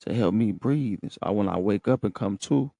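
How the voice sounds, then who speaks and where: A low-pitched man with a gravelly, creaky voice tells a story on his podcast. His talk is slangy and profane, and he keeps checking in with his listeners. The sound is dry and close. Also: brisk, warm tone, no room sound. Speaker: podcast host. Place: room in a rehab center.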